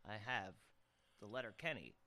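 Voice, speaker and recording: A man co-hosting a casual podcast chat, jokey and quick to laugh. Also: lowish voice, animated, bright, forceful tone. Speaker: podcast co-host.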